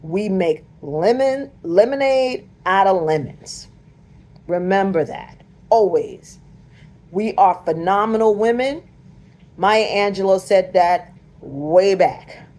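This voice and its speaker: Emphatic, slow-talking woman. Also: medium pitch, a little mellow. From United States. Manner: preachy, emphatic, addresses viewers directly. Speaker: vlogger. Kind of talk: casual direct-to-camera commentary.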